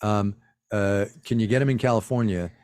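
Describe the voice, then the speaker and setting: A man's voice: fairly low pitch, normal speed, a little mellow, no echo. Wry man co-hosting a livestream, dry sound. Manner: wry, teasing. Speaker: co-host. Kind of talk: casual livestream chat. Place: home office.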